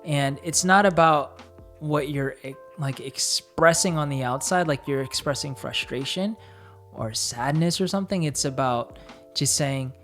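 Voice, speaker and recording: A man co-hosting a casual chat with his partner, talking it through with hesitant pauses and fillers. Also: a little high, fairly bright tone, faint music behind. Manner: hesitant, thinking aloud with many fillers. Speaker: co-host.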